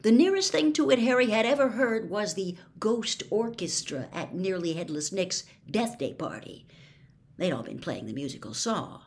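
A woman reading a novel aloud as a storyteller, expressive and quick, sometimes dropping to a whisper. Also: mid-range voice.

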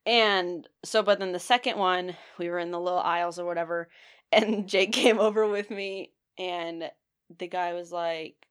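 A woman's voice: on the low side, normal speed, clean tone. Chatty young woman telling stories. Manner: animated storyteller, swears casually, laughs often. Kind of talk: casual chat.

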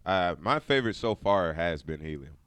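A comedian guest talking in a deep, smooth voice. He chats loosely and fills pauses often. The sound is close and dry. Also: no room sound. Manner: relaxed, many fillers, says bro. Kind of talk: casual chat. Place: comedy club.

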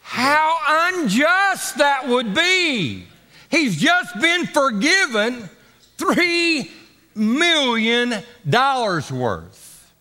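A man preaches a dramatic sermon, stretching his words and calling the congregation to repeat after him. His voice sits high and swoops widely, with a bright, forceful edge. It rings with a long hall reverb. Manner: dramatic, drawn-out preaching with call-and-response. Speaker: pastor.

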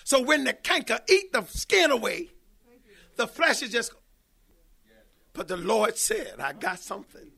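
A man preaching an emphatic sermon that rises now and then to shouts. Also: very high-pitched, big pitch swings, takes it slowly, vocal fry, pauses often, breathy edge.

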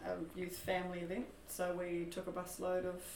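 A woman's voice: lowish voice, completely flat delivery, brisk, darkish tone, slight background noise. A woman organising community events, explaining things matter-of-factly in casual chat. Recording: echoey room, a bit far from the mic.

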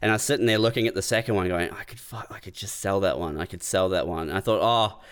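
Smooth low-voiced guy. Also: quick pace, fairly bright tone. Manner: laid-back storyteller, swears casually. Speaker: podcast co-host. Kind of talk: casual comedic chat.

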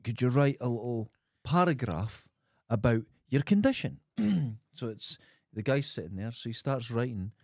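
A Scottish man in a mid-pitched speaking voice, telling anecdotes on a podcast in a loose way. He trails off and restarts as he goes. The recording is dry, with no echo. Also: big pitch swings, normal speed, hardly any pauses, a little mellow. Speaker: podcast co-host. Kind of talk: casual chat.

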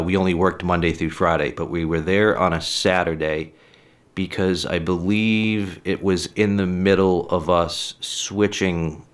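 Deep-voiced middle-aged man telling stories. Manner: rambling, frank, says "literally" a lot. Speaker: storyteller. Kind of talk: casual personal storytelling.

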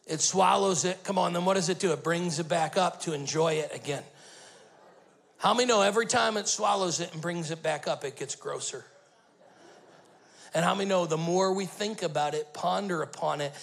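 A man, the lead pastor, preaching a sermon, telling stories and building to loud emphatic bursts. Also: on the high side, vocal fry, rough recording.

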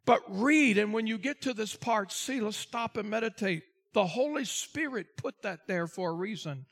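High-voiced man preaching a sermon. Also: creaky, a bit bright. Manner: preaching with dramatic swells and drawn-out emphasis; addresses the congregation directly, asks for responses. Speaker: pastor.

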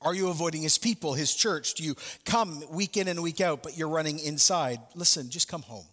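Brief: man, pastor, sermon storytelling with asides to the congregation, somewhat high pitch. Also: brisk, a bit bright, in a large hall. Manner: storytelling with asides and direct questions to listeners.

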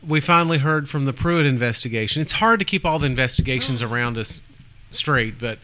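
A man's voice: medium pitch, animated, a little fast, sharp tone. A man, co-hosting a casual sports chat, sarcastic and rambling with many restarts. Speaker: podcast co-host.

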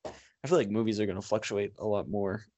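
A man's voice: on the low side, steady tone, fairly quick, dark tone, no echo. A man co-hosting a podcast in casual chat, loose and chatty and full of asides. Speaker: podcast co-host.

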